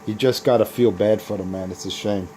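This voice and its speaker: A man's voice: lowish voice, fairly even intonation, a little fast, background noise. A man hosting a casual CB radio video, boasting and taunting rival operators with trash talk. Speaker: CB radio operator and channel host.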